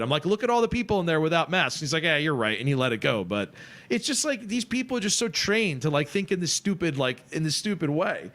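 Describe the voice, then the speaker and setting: A man with a slightly high voice tells a story on a casual stream. He swears freely and acts out both sides of the dialogue. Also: fast. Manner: animated anecdote telling, swearing, acting out both sides of a dialogue.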